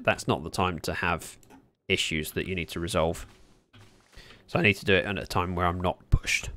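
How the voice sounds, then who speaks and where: A man chatting casually at his desk while livestreaming a game, speaking into a desk microphone, with sudden excited yelps. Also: low-pitched, normal speed. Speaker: gaming livestreamer. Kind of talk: casual commentary while playing.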